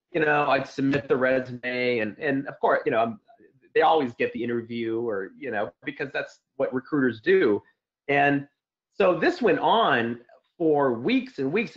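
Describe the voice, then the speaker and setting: A man telling a long personal account as an interview guest, rambling with many fillers and restarts. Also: medium pitch. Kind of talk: casual spoken account. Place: Santa Clara area. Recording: dull lo-fi audio.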